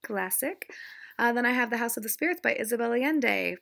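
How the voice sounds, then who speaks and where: Gravelly bright-voiced young woman chatting. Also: a little high, lively intonation, fairly quick. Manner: rambling, self-deprecating, chatty. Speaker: book vlogger. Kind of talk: casual chat.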